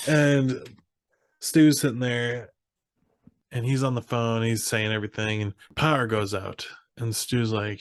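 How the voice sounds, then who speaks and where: At a moderate pace with long pauses, a young man with a medium-pitched voice recaps a comedy film in casual podcast chat, recorded in a clean studio with no room sound. As co-host, he tells it animatedly, quoting characters, swearing and laughing.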